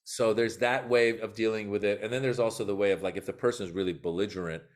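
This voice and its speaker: A man who is a comedian and guest on a podcast, telling animated stories that act out what people said. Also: lowish voice, fast talker. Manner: animated, acts out quotes in story. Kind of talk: podcast interview storytelling.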